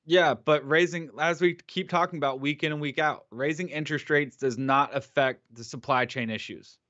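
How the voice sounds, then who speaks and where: A man's voice: fairly high pitch, steady tone, moderate pace, a bit bright. A man co-hosting a live market show, giving blunt opinions in casual chat. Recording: dull lo-fi audio.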